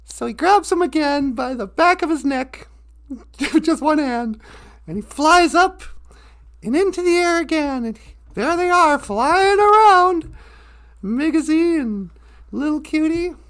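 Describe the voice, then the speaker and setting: A woman's voice: high-pitched, expressive, measured pace. A woman telling a children's story casually, loosely and with chuckles, plenty of "uh"s. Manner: loose, chuckling, with frequent fillers.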